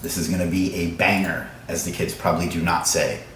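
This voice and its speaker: Fast-talking joking man in an echoey room. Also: sits low, little pitch movement, fairly bright tone, a little hiss or hum. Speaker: livestream host. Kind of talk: casual live stream chat with viewers. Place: indoor room with echo. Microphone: livestream camera setup.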